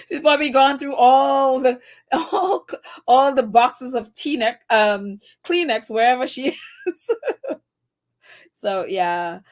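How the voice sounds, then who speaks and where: A woman's voice: high voice, animated, slow pace, pauses often. A woman hosting a live stream, gushing and laughing as she nearly cries, reading viewer comments aloud. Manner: gushing, laughing and near tears, reads chat aloud. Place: New York.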